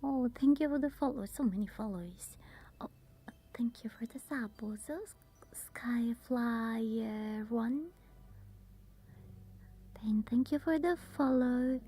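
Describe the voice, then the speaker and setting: A woman whispering as an ASMR streamer, chatting softly and haltingly with her viewers. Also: on the high side, husky. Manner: halting, with many fillers. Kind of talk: whispered ASMR livestream chat.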